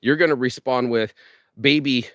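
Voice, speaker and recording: A man giving a fired-up motivational rant, cursing freely and tripping over his words as he pushes ahead. His voice sits at an ordinary middle pitch. The sound is dry and close, with no room around it. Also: moderate pace, a bit bright, no room sound. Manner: profane, fired-up, rambling with restarts. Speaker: vlogger. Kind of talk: motivational monologue.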